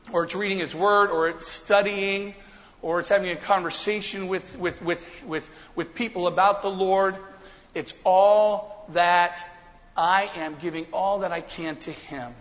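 High-voiced preacher in a reverberant church. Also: male voice. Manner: energetic preaching that swings from quiet to loud. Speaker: pastor. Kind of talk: sermon. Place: church sanctuary. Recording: long hall reverb, dull lo-fi sound.

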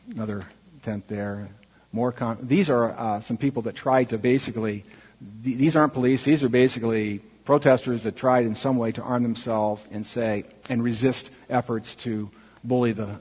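A man speaking earnestly to a congregation as he narrates a slideshow, asking for the next slide and pausing on fillers. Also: lowish voice, a little mellow, husky. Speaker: church mission speaker presenting slides. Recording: dull, muffled audio with long hall reverb.

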